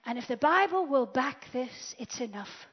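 A woman preaching a sermon, swinging from loud declarations to hushed whispers. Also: high-pitched, expressive, moderate pace, breathy edge. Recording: dull lo-fi sound.

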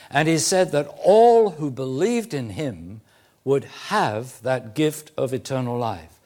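A man preaching a sermon, teaching slowly and deliberately with emphatic phrasing and occasional fillers. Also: medium pitch, a little mellow. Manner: occasional throat clearing and "uh" fillers.

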